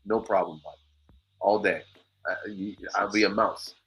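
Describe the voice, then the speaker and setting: A man's voice: low-pitched, steady tone, unhurried, fairly bright tone, slightly rough, low-quality recording. A man hosting a casual chat show who tells a heated, profane story. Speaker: podcast host.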